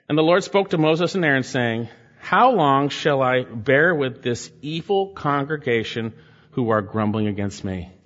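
A man's voice: a little high, a bit bright. Preacher man exhorting in an echoing hall. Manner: exhorting, reads scripture aloud and comments. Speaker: pastor. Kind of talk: sermon with scripture reading. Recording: muffled sound in a reverberant hall.

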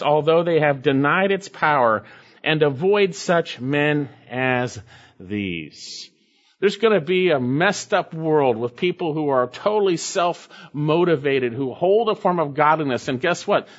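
A male pastor delivering a sermon, reading scripture slowly and then explaining it with emphatic asides. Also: sits high, highs cut off.

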